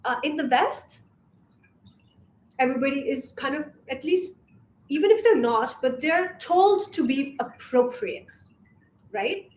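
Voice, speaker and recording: A woman's voice: sits high, lively intonation, measured pace, pauses often, a little mellow. A young woman from Asia, coaching on femininity in a casual vlog monologue, sassy and emphatic, swearing freely. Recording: roomy echo, faint background hiss.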